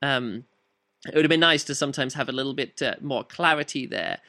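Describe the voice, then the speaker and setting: A man's voice: mid-range voice, a little fast, pushed and bright. A man reviewing a book in a casual, rambling chat full of fillers and restarts.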